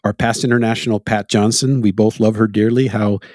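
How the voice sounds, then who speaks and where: A Canadian man with a husky, fairly low voice chats casually as a podcast host. He talks animatedly, tells anecdotes and breaks into laughter often. The sound is dry and close, with no room echo. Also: fairly even intonation, brisk, a little mellow. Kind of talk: casual conversation.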